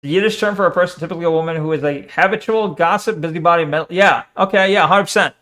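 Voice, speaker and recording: A man with a noticeably high voice, talking casually on a live stream. He rambles, reads his viewers' messages out loud and argues back with them in loose, unscripted talk. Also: fast talker. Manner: rambling, argumentative, reads chat messages aloud and answers them.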